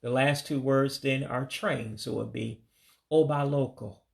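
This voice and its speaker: Gravelly American man teaching vocabulary. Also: medium pitch, steady tone. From United States. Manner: repeats each word slowly, then its English meaning. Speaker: language learner teaching vocabulary. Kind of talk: casual vocabulary lesson.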